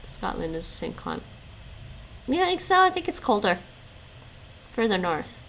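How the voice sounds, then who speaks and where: A woman streaming from home talks through a relaxed session, reading her chat aloud and replying with easy laughter. Her mid-pitched voice has a gravelly, fry-tinged texture. A faint hiss sits under the recording. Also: normal speed, low-quality recording. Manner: chatty, answers viewers' chat aloud, laughs often. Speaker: livestreamer learning languages. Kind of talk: casual livestream chat.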